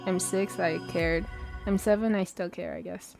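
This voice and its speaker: A woman's voice: lowish voice, steady tone, moderate pace, creaky, a little mellow. A woman hosting a live-stream watch party, chatting casually and answering viewer questions aloud. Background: faint background music.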